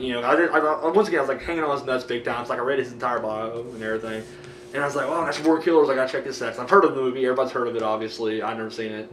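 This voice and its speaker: Young dude rambling and cussing about movies, sounds a bit far from the cam, echoey room, faint hiss behind. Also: male voice, mid-range voice. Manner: rambling, excitable, heavy swearing and fillers. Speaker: DVD collection vlogger. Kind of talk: casual profane movie chat. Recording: roomy audio from a camera mic set back.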